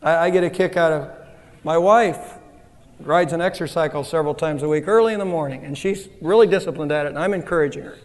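A man preaching a sermon, his voice sitting high for a man. He talks in a conversational, self-deprecating way, and the sound rings with the long reverb of a church hall. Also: fast talker. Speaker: pastor.

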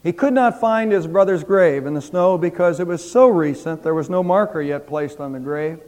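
A man's voice: fairly high pitch, normal speed, darkish tone. A man preaching an Easter sermon as pastor, praying and then building to fervent emphasis in a church. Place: church sanctuary. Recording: long church hall reverb.

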